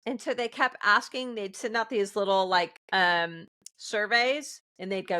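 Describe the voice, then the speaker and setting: A woman co-hosting a casual talk show, telling animated work stories, laughing often and mimicking the people she quotes. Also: mid-range voice, unhurried, few pauses, smooth. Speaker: podcast co-host. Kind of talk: casual chat.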